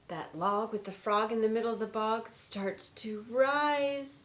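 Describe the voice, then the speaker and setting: A woman teacher reading a picture book aloud to children at home, with big swoops in pitch. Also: slow pace. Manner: expressive read-aloud with big pitch swings. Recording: roomy sound with faint noise.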